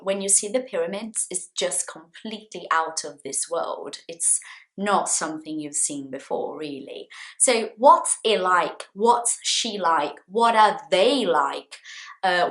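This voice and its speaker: A woman teaching an English lesson to camera, repeating example phrases slowly with lively, acted intonation. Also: mid-range voice. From Brazil. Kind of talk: friendly language lesson to camera.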